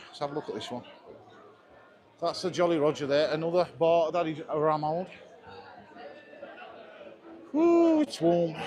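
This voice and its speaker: A man's voice: fairly high pitch, darkish tone. A man chatting enthusiastically as he walks through resort streets, live-streaming a travel vlog from a handheld camera. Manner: chatty, enthusiastic tour commentary. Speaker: travel vlogger. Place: outdoors on busy resort streets. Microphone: handheld camera while walking.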